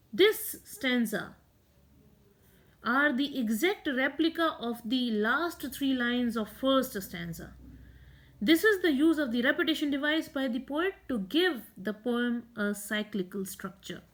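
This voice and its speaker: A woman giving a literature lesson, explaining a poem in a measured way and reading verses aloud. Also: high voice, animated. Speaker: literature teacher. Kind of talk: poetry lecture.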